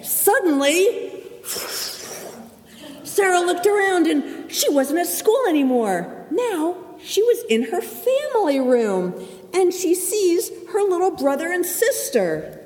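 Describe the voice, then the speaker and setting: A woman narrating a children's story at a service in an expressive, animated way. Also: extremely high pitch, takes it slowly. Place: synagogue sanctuary. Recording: echoey hall.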